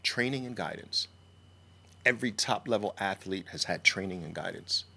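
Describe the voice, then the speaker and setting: Emphatic lower-voiced man pitching trading. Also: moderate pace, vocal fry, pushed and bright. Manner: mocking rhetorical questions, mimics naive traders. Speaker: trading educator. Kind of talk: emphatic sales pitch to camera.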